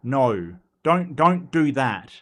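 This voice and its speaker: An Australian man hosting a live commentary stream and answering chat, blunt and wry, with halting restarts. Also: mid-range voice, big pitch swings.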